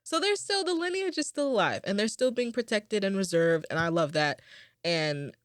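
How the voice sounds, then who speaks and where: A woman's voice: low voice, no room sound, clean studio sound. A young woman hosting a podcast, chatting casually in a rambling, upbeat way with lots of fillers, and a little tired. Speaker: podcast host. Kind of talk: casual chat.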